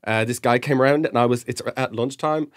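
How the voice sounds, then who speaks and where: A man's voice: medium pitch, brisk, clean tone, dry recording, clean studio sound. A young Irish man, co-host of a podcast, telling a rambling, self-mocking story in casual chat.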